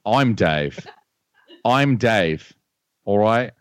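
A man voicing a crude, boozy Australian bloke in a mock Australian accent, brash and loud. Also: fairly low pitch, animated, drawn-out words, smooth, no room sound, studio quality. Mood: rowdy. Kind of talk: comedic character bit.

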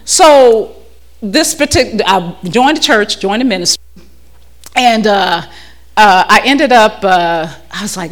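A woman's voice: medium pitch, lively intonation, slow. A woman telling a frank, humorous church testimony into a handheld mic to a live audience. She often laughs and repeats words as she restarts her sentences. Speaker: speaker giving a personal testimony. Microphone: handheld microphone.

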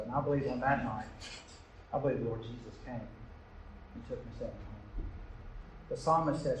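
A man's voice: medium pitch, a little slow, pauses often. A middle-aged American man, a pastor, telling a story in an earnest, intimate, emotional sermon. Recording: roomy church reverb, faint hiss.

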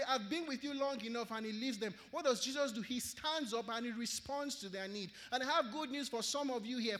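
A man with a Nigerian English accent preaches with a strikingly high voice and circles back to his key phrases. He delivers an earnest sermon in a church hall. A long reverb trails behind his words. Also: a bit bright. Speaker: pastor.

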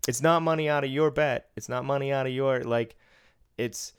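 A man's voice: mid-range voice, fairly even intonation, normal speed, clean tone. A man co-hosting a podcast in casual chat, blunt and profane, laughing often. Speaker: podcast co-host. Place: studio room.

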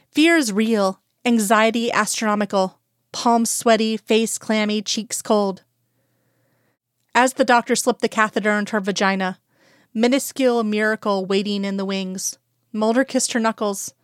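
A woman narrating a fan-fiction audiobook in a steady, even storytelling manner. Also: mid-range voice, smooth, no room sound, studio quality.

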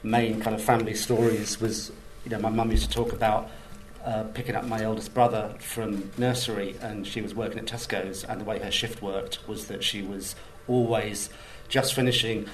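Man, writer in interview, rambling and wry, lowish voice, a bit off-mic, faint background hum. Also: level tone, moderate pace, hardly any pauses, recorded from a distance, low-quality recording. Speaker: screenwriter.

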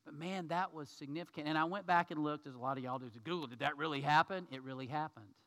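A man preaching a sermon to his congregation, telling a story in a lively way and acting out the people in it. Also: a little high, quick pace. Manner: storytelling, acts out quoted people; addresses congregation as y'all. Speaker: pastor.

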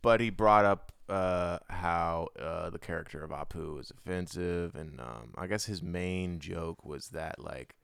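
A man's voice: deep voice, measured pace, creaky, hardly any pauses, a bit bright, smooth, dry recording, studio quality. A young man hosting a podcast, talking casually in a rambling, loose way with lots of slang and fillers. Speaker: podcast host.

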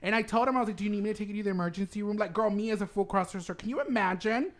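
A man's voice: sits high, racing. Campy man telling a laughing story. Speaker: podcast host. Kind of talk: casual storytelling chat.

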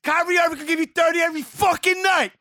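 A man ranting loudly and profanely as a podcast co-host in a heated casual sports argument. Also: very high-pitched, level tone, quick pace. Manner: loud, profane, shouting rants.

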